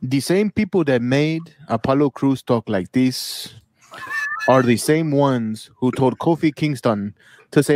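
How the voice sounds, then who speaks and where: A man's voice: medium pitch, a little slow, darkish tone, no room sound. A man co-hosting a casual wrestling podcast, ranting bluntly and swearing freely. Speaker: podcast co-host.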